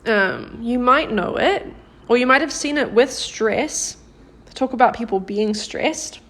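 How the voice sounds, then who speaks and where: A Korean language teacher runs a live-streamed grammar lesson in a fairly high, slightly bright voice. She is patient and encouraging, praising viewers by name and slowing down to model example sentences.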